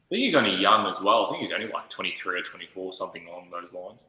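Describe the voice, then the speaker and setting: A man co-hosting a football watch-along, excitable and swearing, quick to stick up for his club. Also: low voice. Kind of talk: casual live-stream banter. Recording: echoey room.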